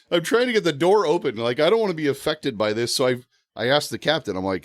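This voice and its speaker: A man telling a funny story as a podcast guest, animated and often laughing. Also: on the high side, a little fast, dry recording. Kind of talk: casual storytelling.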